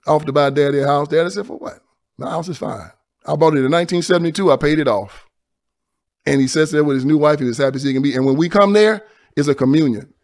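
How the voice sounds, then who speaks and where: A man from Tennessee, talking in a preaching style, moving from loud emphasis to hushed storytelling. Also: high voice. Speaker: guest.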